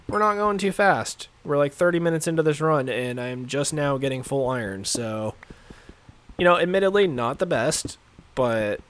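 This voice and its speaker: A man's voice: on the high side, a bit bright. A young man streaming a game, chatting casually with viewers in a rambling, filler-heavy way, his voice a little congested. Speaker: gaming streamer. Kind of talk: casual live-stream chat while playing.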